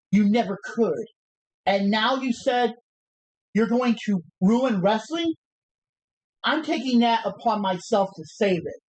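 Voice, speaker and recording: Woman doing male wrestler promo, cocky, taunting, stumbling recitation, slightly high voice. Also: poor audio. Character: brash male pro wrestler cutting a defiant promo. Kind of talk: re-enacting a wrestling promo on a livestream.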